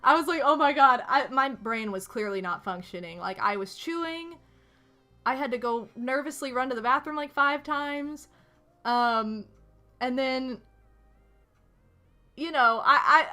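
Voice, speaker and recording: A young woman streamer chatting casually with her viewers, gushing and excitable, full of restarts and fillers. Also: a little high.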